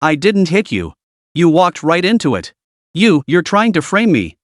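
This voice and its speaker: A man's voice: fairly high pitch, sing-song, measured pace, dry recording, studio quality. A man voicing a jealous, furious woman who snaps and accuses coldly. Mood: angry, cold. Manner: cold, snapping, accusing.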